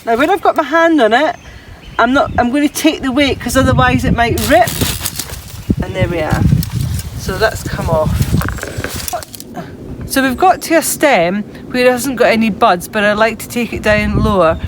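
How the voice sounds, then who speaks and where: Speaking at a moderate pace with long pauses, a woman explains step by step how she cuts during an outdoor gardening demonstration, in a chatty, practical manner. Her voice sits on the high side, and steady outdoor sound and passing traffic fill the background.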